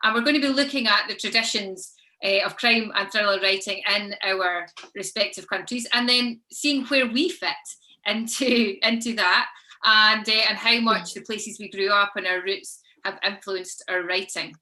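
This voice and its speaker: A woman's voice: medium pitch, normal speed, sharp tone. A woman hosting an online book panel over a video call, chatty with frequent ums. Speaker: panel host.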